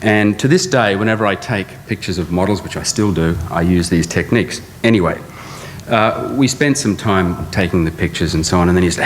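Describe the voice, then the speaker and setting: A man's voice: low voice, a little fast. A middle-aged man, an architect, introducing a speaker with dry, anecdotal stories, now and then putting on an accent. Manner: dry storytelling with occasional accent impressions. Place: large lecture theatre. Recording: long reverb in a large lecture hall, faint hum.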